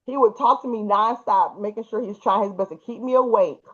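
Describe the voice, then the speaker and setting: A woman telling a personal story in a casual, animated and emphatic way, with colloquial speech. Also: medium pitch, a little fast, lo-fi sound.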